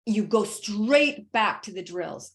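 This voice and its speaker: A woman dog trainer talking through leash training in a casual, lively way, laughing often and hammering her points with emphatic asides. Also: mid-range voice, takes it slowly. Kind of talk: casual instructional chat.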